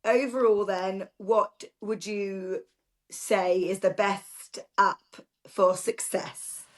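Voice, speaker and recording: A woman in her thirties hosts a podcast in relaxed, chatty conversation at an ordinary mid pitch. She fills her gaps with likes and small laughs. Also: slow pace. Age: 30s. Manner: chatty, laughing, lots of fillers. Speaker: podcast host. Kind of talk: casual chat.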